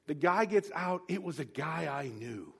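A man preaching a sermon, telling a personal story with big swings between loud, emphatic peaks and quiet asides. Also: a little high, expressive, normal speed, gravelly, breathy edge. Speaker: pastor.

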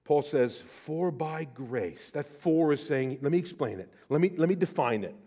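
A middle-aged male pastor preaching a sermon with passion, swinging from loud declarations to hushed, slow phrases. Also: on the high side, lively intonation. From Southern California.

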